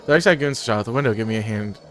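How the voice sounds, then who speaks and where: A let's-play gamer who is under the weather, with chapped lips, gives casual, chatty gameplay commentary and reads game text aloud over background music. His voice is fairly low, expressive, and a bit bright, and he talks rapid-fire.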